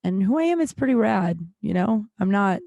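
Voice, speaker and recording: A woman's voice: medium pitch, expressive, moderate pace, vocal fry, mellow, dry recording, dull audio. Forties woman podcast host: loose, candid, wandering chat into a dry, close studio mic. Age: 40s. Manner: rambling, candid, swears casually. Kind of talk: casual solo podcast chat. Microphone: studio podcast microphone.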